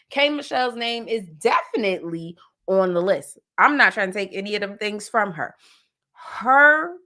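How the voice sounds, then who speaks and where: A woman from New Jersey hosts a pop culture podcast in a loose, chatty way. Her voice is bright and forward at a middling pitch. She talks playfully, with a lot of animation. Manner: animated, playful, breaks into sung parody bits. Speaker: podcast host. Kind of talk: casual pop culture chat.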